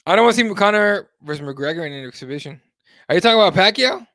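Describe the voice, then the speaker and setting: A man's voice: high voice, lively intonation, fast, bright, forceful tone, no echo, studio quality. A man hosting a live MMA talk show, chatting casually and animatedly, swearing freely and reading viewer comments aloud. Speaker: host.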